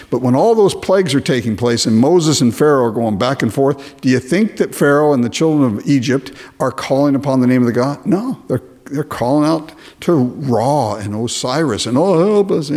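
A man preaching a sermon, animated, mocking imagined complainers in put-on voices. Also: medium pitch. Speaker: pastor.

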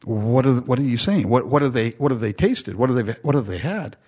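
A man's voice: mid-range voice, a little fast, breathy edge. A man preaching verse by verse, reading old-style scripture aloud, acting out the lines and chuckling often. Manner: lively storytelling, reading King James verses and acting them out. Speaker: pastor. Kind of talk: verse-by-verse sermon. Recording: dull lo-fi recording.

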